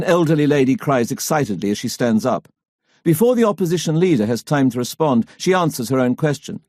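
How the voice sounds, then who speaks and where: A man tells a history story for an audiobook, reading a script in a measured, even manner. His voice is medium-pitched, and the recording is dry and studio quality.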